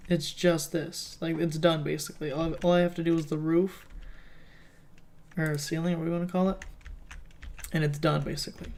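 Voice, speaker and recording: A man's voice: on the high side, vocal fry, a little mellow. A man giving casual gameplay commentary as a let's play host, rambling and thinking aloud as he plays.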